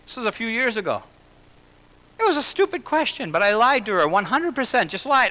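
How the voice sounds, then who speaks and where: A man preaching a sermon in an earnest way, slowing and lifting his voice for emphasis and dropping into personal asides. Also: extremely high pitch, big pitch swings, sharp tone. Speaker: pastor. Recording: long hall reverb.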